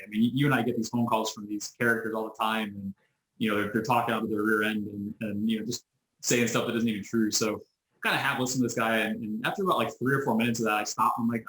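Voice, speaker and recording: Over an echoey video call, a medium-pitched American man who owns a business tells stories as an interview guest in a casual conversation. He talks fast, performs the voices of people he quotes, and restarts himself often.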